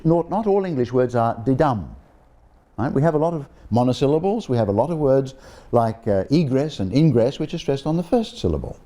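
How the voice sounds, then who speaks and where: Genial older male professor, mellow voice. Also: mid-range voice. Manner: genial, digressive, frequent restarts and ums. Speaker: guest speaker, linguistics professor. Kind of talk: informal public talk. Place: room with an audience of guests.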